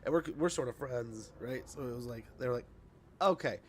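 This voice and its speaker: A man's voice: medium pitch, a little fast, darkish tone, slight background noise. A man in his livestream chat, reading patch notes aloud in an ordinary, mid-range voice. He rambles, trips over words and laughs at his own slips as he goes. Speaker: streamer.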